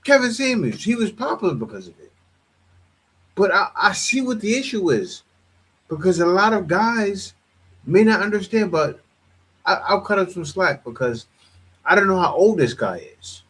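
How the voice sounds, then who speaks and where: A man's voice: high-pitched, very animated, moderate pace, a bit bright, slightly rough. A man hosting a casual reaction commentary, talking bluntly and animatedly, often repeating himself. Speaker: commentary host.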